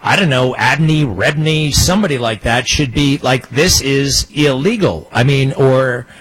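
A man hosting a panel discussion, firing off questions with halting restarts. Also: medium pitch, fairly bright tone, breathy edge, poor audio. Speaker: host.

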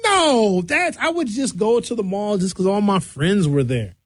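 A man's voice: high-pitched, lively intonation, unhurried, dry recording. A man hosting a radio show, rambling through a bawdy comic monologue. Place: radio studio.

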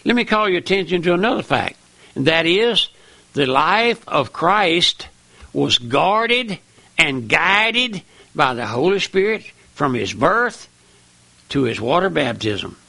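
Gravelly Southern preacher with leaping pitch. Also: male voice, very animated, takes it slowly, sharp tone, no echo. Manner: fervent, repeats "my friend", pitch leaps high for emphasis. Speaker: radio preacher. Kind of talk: folksy radio sermon.

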